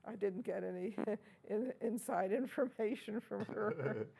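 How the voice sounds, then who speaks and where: This older organist has a mid-range, dark voice with a gravelly, husky texture, and she talks at a slightly slow pace. Sitting in a university room for a reminiscing interview, she chats about people she has met, full of anecdotes, fillers, and frequent laughter.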